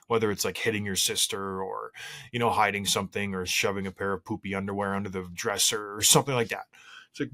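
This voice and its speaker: A man in his thirties hosts his podcast alone, with a slightly low voice. He chats in a loose, rambling way, tells stories against himself, and restarts his sentences often. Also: steady tone, fast talker, sharp tone. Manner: rambling, self-deprecating storytelling with frequent restarts. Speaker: podcast host. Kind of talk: casual solo podcast chat.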